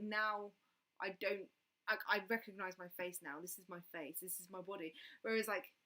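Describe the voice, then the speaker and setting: A young woman hosts a casual livestream, her voice bright and forceful at an ordinary middle pitch. She rambles, fills her sentences with "like" and restarts her thoughts as she reads and answers viewer comments. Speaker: livestream host.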